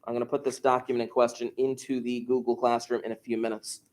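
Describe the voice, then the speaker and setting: A man's voice: medium pitch, level tone, fast, a little mellow. A male teacher giving a casual, digressive lesson to his class, telling stories and asking the students questions, recorded in a classroom while he moves about the room. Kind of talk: classroom lecture, storytelling.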